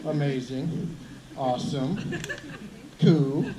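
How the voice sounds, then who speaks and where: A man teacher giving earnest graduation advice, halting and restarting as he speaks. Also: mid-range voice. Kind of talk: graduation speech. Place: outdoor ceremony with crowd. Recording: echoey outdoor sound with background noise.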